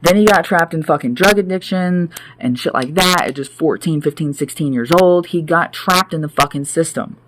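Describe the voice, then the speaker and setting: A man's voice: a little high, moderate pace, few pauses, background noise. A man ranting to camera in an indoor room, heated, profane and emphatic, repeating his points. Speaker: vlogger.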